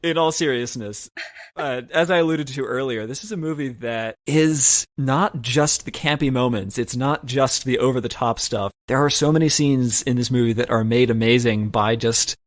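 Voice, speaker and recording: A male podcast co-host talking through an old film with lively, storytelling energy. He acts out his own reactions to scenes. His pitch sits right in the middle for a man. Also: normal speed. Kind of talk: casual movie discussion.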